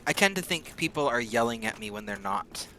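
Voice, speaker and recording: A man chatting casually while streaming a game, rambling and often speeding up into rapid talk. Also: mid-range voice. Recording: steady background noise.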